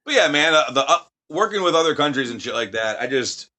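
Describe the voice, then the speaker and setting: A man's voice: a little high, expressive, fast, bright, forceful tone. A man, a wrestler, chatting casually with a lot of swearing, rambling and acting out quotes. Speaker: professional wrestler guest. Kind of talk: casual profane chat.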